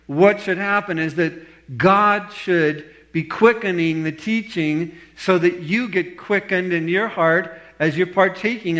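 A man preaching a sermon, moving from slow, deliberate scripture reading to animated storytelling. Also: high-pitched. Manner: animated storytelling, voice rising sharply when quoting others; reads scripture slowly and deliberately. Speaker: pastor.

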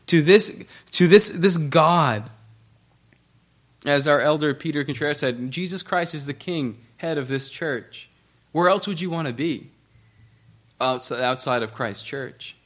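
A male pastor delivering a sermon in a somewhat higher voice. He talks earnestly, reads scripture aloud and often restarts his phrases. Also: fairly bright tone.

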